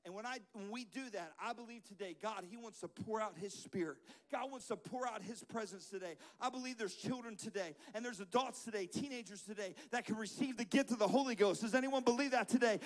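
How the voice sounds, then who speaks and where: A man with a strikingly high-pitched voice preaches to children in a church sanctuary. He keeps it playful and jokey, pausing for call-and-response lines the room shouts back. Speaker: children's pastor. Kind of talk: lively children's church sermon.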